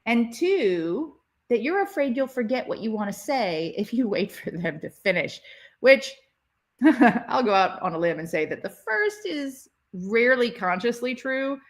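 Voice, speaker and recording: Woman relationship educator, slow-paced, very animated intonation, chatty live-session host. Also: on the high side. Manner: expressive, chatty teacher answering viewers. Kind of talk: live interactive workshop session.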